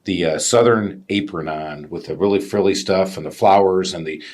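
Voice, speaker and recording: A man co-hosting a casual business podcast, an animated storyteller who acts out customers' voices. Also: low voice, normal speed. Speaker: podcast co-host, business owner.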